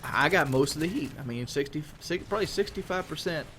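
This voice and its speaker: A man's voice: fairly high pitch, expressive, a little fast, a bit bright, a little hiss or hum. Frank, rambling gaming commentator man. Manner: rambling, frank, with casual swearing. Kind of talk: casual monologue commentary.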